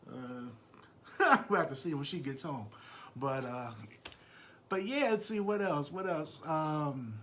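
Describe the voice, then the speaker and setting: A man's voice: a little high, animated, slow pace, pauses often, bright, forceful tone, a little hiss or hum. A man hosting a live podcast, chatting casually and greeting his listeners by name. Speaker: podcast host.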